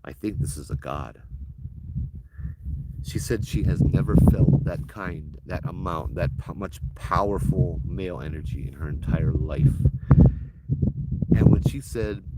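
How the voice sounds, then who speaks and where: A man, casually telling a ghost story and acting out the dialogue in an animated, chatty way. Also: low-pitched, a little slow. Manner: animated, conversational, acts out dialogue. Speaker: storyteller, show host. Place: outdoors at an old temple site. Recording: loud background noise.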